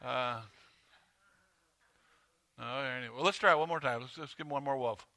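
A man preaching a sermon as pastor, conversational and halting with fillers and restarts, rising when he stirs up the congregation. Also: heavy background noise. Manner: rises in pitch and volume when stirring the congregation. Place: church sanctuary.

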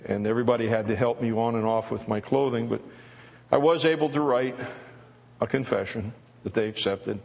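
An older man, a former prisoner of war, giving an earnest, reflective spoken testimony at a church service, with halting restarts. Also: mid-range voice, gravelly, a little mellow. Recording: long reverb of a large hall.

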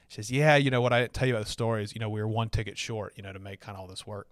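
A man's voice: mid-range voice, quick pace, hardly any pauses, fairly bright tone, no room sound, clean studio sound. A middle-aged man from Alabama with a Southern accent, casually telling a personal story, chatty and full of fillers and restarts.

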